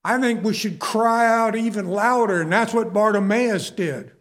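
A man's voice: sits high, moderate pace. A man preaching a sermon in an earnest, emphatic way, often addressing his listeners as folks.

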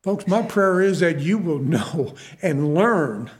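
High-voiced, slow-preaching pastor. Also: male voice, expressive. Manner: folksy, repeats key phrases for emphasis. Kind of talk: sermon.

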